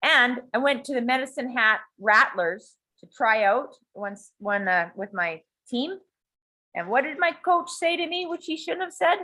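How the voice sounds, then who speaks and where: Blunt, swearing woman with a high voice. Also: a little slow. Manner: blunt and animated, swears a lot. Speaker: coach and workshop leader. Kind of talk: casual talk to a small group.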